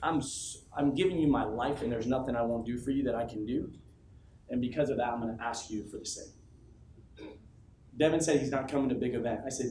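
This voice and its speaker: A man giving a motivational speech to his team, emphatic and swinging from low, intimate lines to loud, shouted questions he keeps repeating. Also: brisk, a little hiss or hum. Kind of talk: motivational speech to a live audience. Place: large office room with an audience. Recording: echoey room from a distance with faint ambience.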